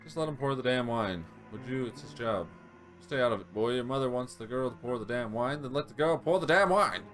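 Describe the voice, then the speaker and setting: A man voicing a gruff, domineering older father as he reads game dialogue aloud, curt and bossy. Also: medium pitch, animated, a little fast, fairly bright tone, faint music behind, close to an everyday voice. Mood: irritated.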